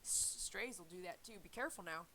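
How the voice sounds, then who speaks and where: A woman's voice: lowish voice, a little fast, pushed and bright, poor audio. A woman who grooms dogs, talking casually and earnestly to her viewers about faith, rambling and repeating herself. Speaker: dog groomer and channel host.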